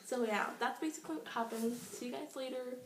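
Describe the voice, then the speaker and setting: Excitable young woman in an echoey room. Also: high-pitched, a little fast, distant mic, heavy background noise. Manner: gushing, excitable, heavy with "like"; self-described shy and nervous. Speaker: vlogger. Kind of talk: casual storytime.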